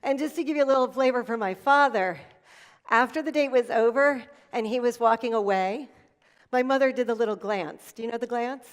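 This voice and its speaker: A middle-aged woman giving a motivational keynote at an event, telling stories with dramatic pauses. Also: fairly high pitch. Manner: animated storytelling with dramatic pauses. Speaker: motivational speaker. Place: event hall.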